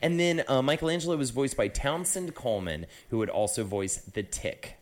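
Chill dude cohosting a podcast, casual and rambly, mid pitch. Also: male voice, lively intonation, moderate pace. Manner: chatty, loose, swears, lots of fillers. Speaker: podcast co-host. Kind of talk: casual chat.

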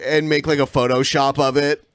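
A man's voice: fairly high pitch, flat delivery, normal speed, clean tone, no echo, clean studio sound. A man co-hosting a podcast in loose comedic banter, now and then mocking trolls in a whiny put-on voice. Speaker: podcast co-host.

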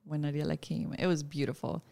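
A woman with a fairly low voice chimes in on a shared story. She laughs easily and answers in quick, short words. The sound is dry and close, with no room echo. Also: flat delivery, vocal fry, warm tone. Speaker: podcast co-host. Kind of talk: casual storytelling chat.

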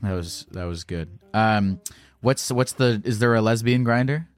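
A man's voice: fairly low pitch, no echo, faint music behind. A man hosting a call-in podcast, talking casually with frequent restarts and fillers. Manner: halting, with many restarts and fillers. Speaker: podcast host.

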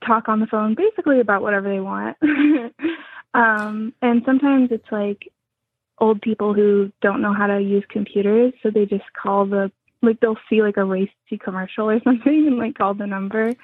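A young woman with a soft, breathy voice, chatting casually as a guest and rambling with many fillers. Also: mid-range voice, normal speed, dry recording. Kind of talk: casual interview chat. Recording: tinny phone-like sound.

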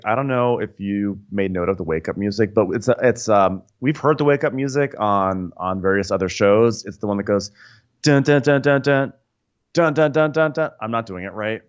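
A man co-hosting a podcast, recapping a reality show in comedic chat with animated storytelling. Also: fairly low pitch, lo-fi sound. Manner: animated storytelling, slips into silly impressions. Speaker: podcast co-host.

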